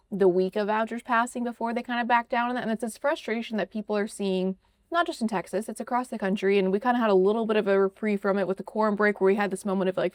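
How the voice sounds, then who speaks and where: A woman hosts a politics interview, her voice sitting at an everyday middle pitch. She talks quickly and casually, filling her sentences with "you know" and "like". The sound is dry and close. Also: no room sound. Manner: brisk, conversational, many fillers like "you know" and "like". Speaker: podcast host.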